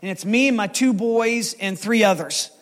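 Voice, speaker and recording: A man delivers a sermon as lead pastor, his voice high for a man. He tells stories with animated energy. The sound carries a long reverb, as in a church hall. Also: normal speed. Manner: animated, storytelling with acted quotes.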